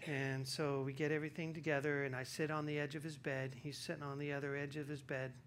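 A male pastor telling a personal story in a sermon, moving from hushed storytelling to loud, emphatic preaching. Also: fairly high pitch, flat delivery, fast, a little hiss or hum.

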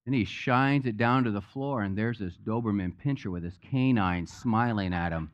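A man's voice: fairly low pitch, moderate pace, muffled recording. Conversational male pastor preaching a sermon. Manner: conversational, joke-telling preacher. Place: church sanctuary.

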